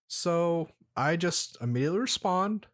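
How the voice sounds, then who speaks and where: A man with a somewhat high voice hosts a casual podcast, rambling through a story with plenty of swearing. He talks loosely and lazily while he drinks, drifting off point and circling back. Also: animated, unhurried. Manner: rambling, profane, laid-back. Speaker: podcast host.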